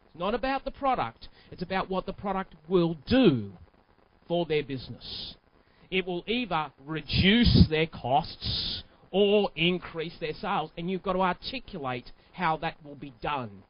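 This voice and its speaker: A man's voice: sits high, unhurried. A man giving a live motivational sales keynote, theatrical and acting out little scenes, heard in a dull lo-fi recording. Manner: animated, theatrical, acts out scenes. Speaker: keynote speaker. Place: stage at a live keynote event.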